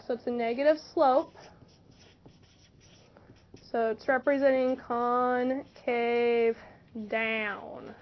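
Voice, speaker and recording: Woman math teacher in class, bright high voice, muffled recording. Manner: questioning, encouraging students. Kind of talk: classroom lesson. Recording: dull lo-fi classroom recording with faint noise.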